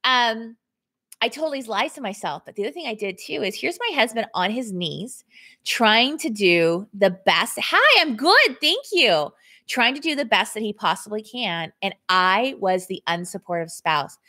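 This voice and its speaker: A woman's voice: mid-range voice, sharp tone. A woman fitness coach speaking casually on a live stream from home, talking candidly to viewers, reading their comments aloud and thanking them, laughing often with her voice swinging up and down. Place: indoors at home.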